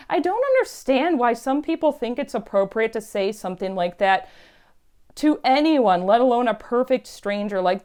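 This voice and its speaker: A woman's voice: mid-range voice, a little mellow, clear, resonant tone. A woman telling stories in a chatty, emphatic way on her casual vlog. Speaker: YouTube vlogger.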